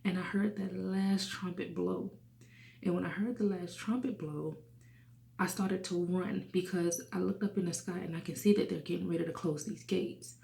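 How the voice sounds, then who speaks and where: A woman's voice: lowish voice, steady tone, moderate pace, gravelly, echoey room. A woman in her thirties telling a personal testimony in an earnest way, sometimes dropping to a whisper. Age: 30s. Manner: earnest, hushes to a whisper at sad moments. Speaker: testimony speaker.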